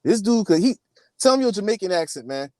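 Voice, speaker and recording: A man's voice: high voice, very animated, fast, darkish tone, no echo. A man hosting a podcast, teasing his co-host in playful, repetitive casual chat. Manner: teasing, playful, repeats himself.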